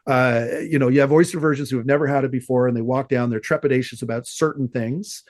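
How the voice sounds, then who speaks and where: A man from Canada telling stories in a casual podcast chat, acting out the people he quotes with animated energy. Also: mid-range voice, quick pace, no room sound, studio quality. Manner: animated storyteller, acts out quoted dialogue. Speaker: podcast guest, oyster shucker.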